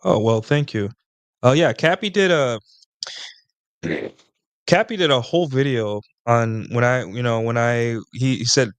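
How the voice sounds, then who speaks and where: A young man fields chat questions on a live stream, rambling loosely and looping back on himself with restarts and filler words. His voice is smooth and clear at an ordinary pitch. The recording is dry and close-miked, with no room sound, in the style of a casual live Q&A monologue.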